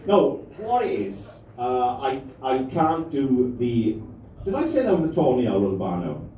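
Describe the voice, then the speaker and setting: A man's voice: mid-range voice, very animated, a little slow, lo-fi sound, slight background noise. A man doing a crude, rambling stand-up routine and bantering with the crowd. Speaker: stand-up comedian. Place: comedy club stage. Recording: echoey room, mic from a distance.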